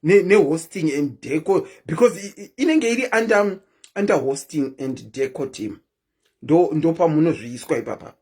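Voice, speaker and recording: A woman's voice: low-pitched, expressive, normal speed, warm tone, breathy edge. A woman hosting a live stream, chatting casually and keeps asking her viewers questions.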